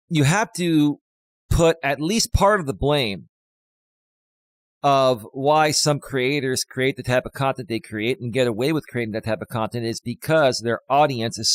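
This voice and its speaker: A man's voice: medium pitch, dry recording. Guy with a cold doing a live coaching stream, bit winded, repeats stuff for emphasis, dry sound. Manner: emphatic, repeats key lines slowly. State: has a cold, a bit out of breath.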